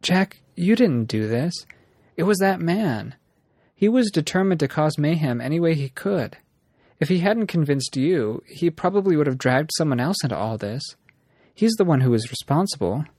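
A man reading a story aloud, voicing a young woman who is shaken but steady and consoling. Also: fairly high pitch, normal speed, dry recording, studio quality, pitched above the performer's own voice.

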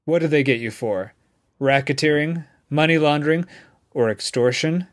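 A man's voice: a little high, normal speed, natural voice. A man voicing a teasing, needy male friend. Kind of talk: audiobook dialogue.

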